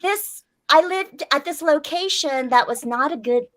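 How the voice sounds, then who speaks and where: A woman's voice: high voice, a little slow. A woman musician in a casual interview, telling a story animatedly and acting out what people said, with many fillers. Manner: animated, acts out quotes, frequent fillers. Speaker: band musician guest.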